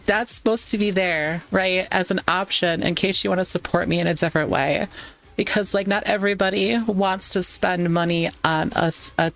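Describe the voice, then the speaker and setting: A woman's voice: lowish voice, fairly bright tone. Teary chatty woman streamer. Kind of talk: casual live-stream chat. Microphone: ASMR microphone.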